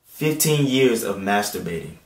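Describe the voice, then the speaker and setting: A man in his late twenties giving an earnest personal faith testimony at home. He moves between hushed, tearful passages and loud, excited ones. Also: fairly low pitch, moderate pace, reverberant. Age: late 20s. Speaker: Christian video host. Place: indoor room at home.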